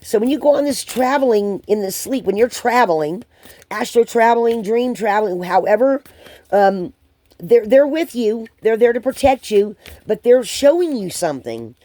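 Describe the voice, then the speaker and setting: A woman giving a channeled spiritual card reading to viewers, hesitant and rambling with many pauses and restarts. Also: fairly high pitch, lively intonation, mellow, no echo.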